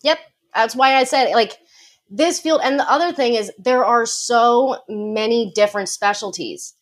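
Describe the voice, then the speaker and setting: A woman's voice: on the high side, a little slow. A woman guest on a podcast interview, a dog behavior consultant explaining things confidently with light laughs.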